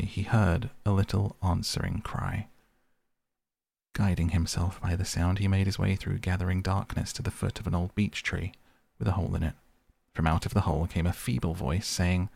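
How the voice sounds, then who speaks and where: A man gently reading a classic novel aloud as a softly spoken bedtime story to help listeners sleep. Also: low voice, fairly even intonation, creaky, husky, no room sound. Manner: slow, gentle and soothing. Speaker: podcast host and audiobook reader.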